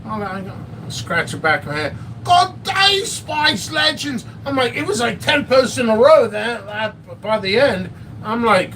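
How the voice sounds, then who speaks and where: A high, bright-voiced man rambles slowly through a casual live-stream chat, joking and poking fun at himself. He sounds set back from the mic, with faint noise in the background. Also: expressive, distant mic. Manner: rambling, joking, self-mocking. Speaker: host of a pepper and hot sauce channel.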